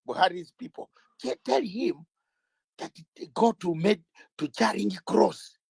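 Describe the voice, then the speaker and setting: High-voiced man firing rhetorical questions. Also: creaky, slightly rough, dry recording. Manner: emphatic, fires rhetorical questions, raises voice; stumbles and restarts words. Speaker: interview guest, legal campaigner. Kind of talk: impassioned interview talk.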